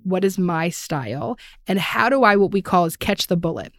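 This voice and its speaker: A woman's voice: fairly low pitch, lively intonation, moderate pace, dry recording, studio quality. A woman hosting a conversational podcast, talking frankly and self-deprecatingly about her own experience, often acting out quoted voices. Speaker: podcast host. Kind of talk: candid conversational chat.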